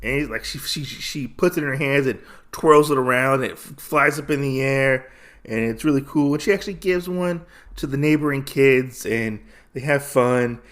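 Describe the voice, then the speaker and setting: A man's voice: medium pitch, moderate pace, fairly bright tone. A man hosting a podcast, casually recapping a comic story with lots of fillers and restarts. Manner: rambling, filler-heavy storytelling. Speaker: podcast host.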